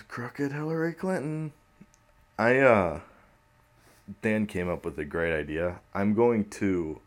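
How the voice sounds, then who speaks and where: Deep-voiced slow casual man. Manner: laid-back, rambling, laughs often, swears. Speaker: podcast host. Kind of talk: casual commentary on news.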